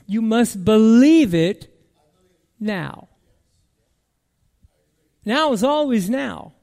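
A man preaching a sermon as pastor, emphatic and repetitive, moving between loud declarations and quiet musing. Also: high-pitched.

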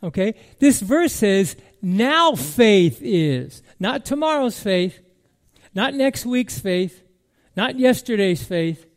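A male pastor preaching with a notably high voice. He speaks slowly and emphatically, repeating key words and shifting between loud declarations and hushed reflection. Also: animated. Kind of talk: sermon.

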